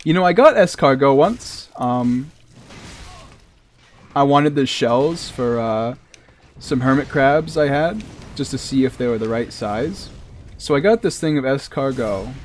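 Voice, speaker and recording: A man with a Massachusetts accent makes casual, rambling conversation while streaming a game, chuckling between asides. His mid-range voice has lively intonation and a slightly slow pace, with a little hiss or hum in the recording.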